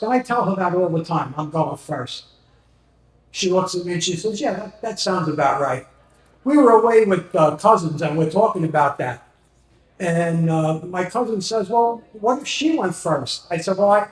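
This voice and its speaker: A man in his sixties doing an open mic stand-up set with wry, self-deprecating stories. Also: sits high. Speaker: stand-up comedian. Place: comedy venue with live audience. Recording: echoey room.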